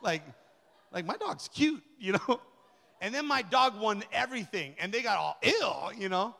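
A middle-aged man, a pastor, delivering a lively, colloquial sermon that repeats key phrases. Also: sits high, moderate pace, gravelly. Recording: long reverb of a large hall.

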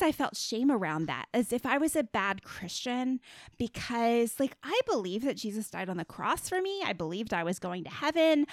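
A woman's voice: fairly high pitch, dry recording. A middle-aged woman, a guest author and body image coach, talking in a casual podcast interview in a chatty, earnest way, full of fillers and tag questions.

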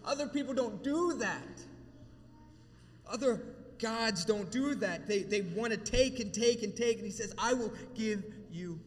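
A man's voice: high voice, measured pace. A man preaching an emotional sermon as pastor, speaking to a congregation in a church hall. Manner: emotional, preaching with rising intensity then a quiet prayer. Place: church hall with long reverb. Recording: reverberant hall, faint room ambience.

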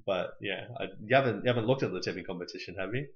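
A man's voice: lowish voice, racing. A man hosting a casual podcast chat, laughing often and restarting his sentences. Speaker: podcast host. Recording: dull lo-fi recording.

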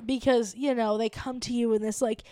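A woman's voice: on the high side, steady tone, moderate pace, dark tone, smooth, dry recording, studio quality. A woman co-hosting a comedy podcast, chatty, with frequent "like" and laughter. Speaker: podcast co-host. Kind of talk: casual comedic chat.

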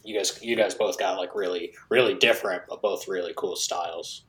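Low-voiced easygoing man. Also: fairly even intonation, a little fast, fairly bright tone, low-quality recording. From South Carolina. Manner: easygoing, teasing. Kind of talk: casual chat.

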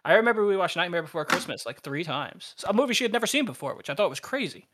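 A young man co-hosting a podcast, telling stories in a casual, animated, swearing manner and laughing as he goes. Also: sits high, fast talker. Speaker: podcast co-host. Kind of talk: casual profane storytelling.

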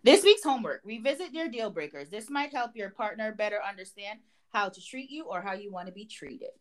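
A woman's voice: mid-range voice, brisk. A young woman from Jamaica, co-hosting a podcast, who tells stories in casual chat and acts out both sides of an argument. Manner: animated storyteller acting out both sides of a quarrel. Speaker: podcast co-host.

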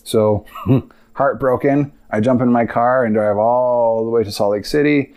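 A man's voice: medium pitch, fairly even intonation, a little slow, a little mellow, clear, resonant tone. A man hosting a podcast, telling a long personal story in a rambling, confessional way with many fillers. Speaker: podcast host. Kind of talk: casual storytelling monologue.

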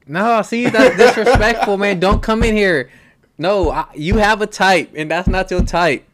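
A man's voice: high voice, unhurried, a crowd in the background. A man co-hosting a podcast in casual chat, laid-back and slangy, often laughing. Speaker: podcast co-host.

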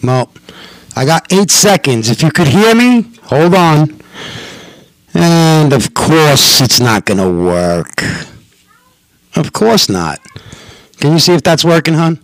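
A man with a New York accent hosts his podcast from home, talking loud and cursing freely. His voice sits a bit high and swings widely in pitch. The sound is dry and close. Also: takes it slowly, pauses often, no echo. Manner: loud, profane and excitable. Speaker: podcast host. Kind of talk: casual podcast chat. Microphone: headphones and mixer.

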